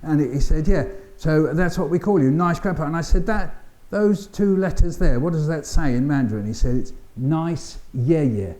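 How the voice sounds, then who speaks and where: An older man with a London accent, giving a keynote talk as an animated storyteller who acts out voices and sounds with dry humour. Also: on the high side, normal speed, hardly any pauses. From England. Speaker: keynote speaker. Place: conference hall.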